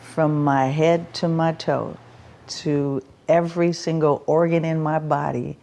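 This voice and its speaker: Deep, mellow and gravelly, this middle-aged woman's voice holds a steady tone and moves a little slowly. She's a musician guesting in an interview conversation, talking from the heart about performing, often restarting sentences and laughing readily.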